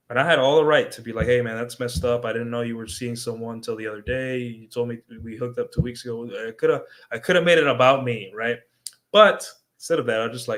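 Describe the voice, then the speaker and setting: Speaking briskly in a mid-range, fairly bright voice, a young adult man coaches on dating during a casual livestream. He stays conversational and repeatedly caps his points with a tag of "right?"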